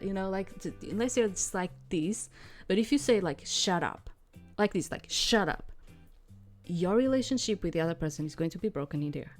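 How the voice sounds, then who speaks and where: A woman's voice: on the low side, a little mellow. A woman streaming a game, chatting casually and explaining at length with lots of fillers. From outside the United States. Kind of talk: casual let's-play commentary.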